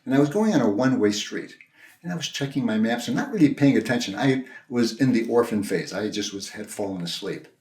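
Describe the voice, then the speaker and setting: An older man, a minister, telling a personal story in a sermon, in a gentle, conversational, halting way with many restarts. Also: medium pitch, expressive. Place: church sanctuary. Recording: roomy echo.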